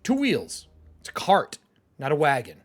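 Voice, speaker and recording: A man's voice: a little high, huge pitch swings, normal speed. A man running a tabletop game as game master, narrating casually, swearing freely and laughing as he talks.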